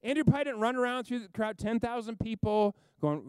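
Animated male preacher acting out scenes. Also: very high-pitched, quick pace, clean tone, dry recording. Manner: animated storytelling, acts out characters, rambling asides. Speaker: pastor. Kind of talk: sermon.

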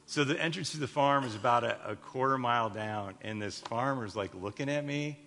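A Chicago pastor in his fifties tells stories during a sermon, rambling with many restarts and tossing light jokes to the congregation. His mid-range voice is fairly bright at a moderate pace, with echoey hall reverb around it.

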